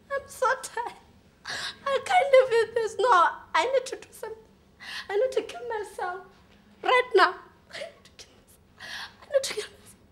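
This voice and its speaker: A woman's voice: very high-pitched, animated, measured pace, pauses often. A woman acting a despairing sick young woman. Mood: anguished. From Botswana. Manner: swings between sobbing and laughing. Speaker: audition contestant. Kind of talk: dramatic audition monologue.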